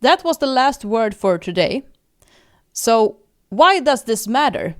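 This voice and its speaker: A young adult woman with a Swedish accent hosting a language lesson, slowly repeating words for listeners to practise and addressing them in a friendly way. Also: a little high, very animated. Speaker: language teacher and podcast host. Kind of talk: slow, clear language lesson.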